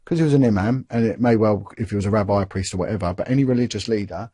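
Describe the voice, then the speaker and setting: A man's voice: on the low side, racing, slightly rough, dry recording, studio quality. A middle-aged man, once a police officer, telling his story in candid conversation and acting out the dialogue he quotes. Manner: animated, acts out quoted dialogue, repeats and restarts words. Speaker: interview guest, former police officer.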